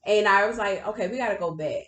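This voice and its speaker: A woman's voice: mid-range voice, fast, fairly bright tone. A woman in her thirties co-hosting a podcast, talking bluntly and emphatically and swearing freely in casual chat. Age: 30s. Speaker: podcast co-host. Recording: echoey room.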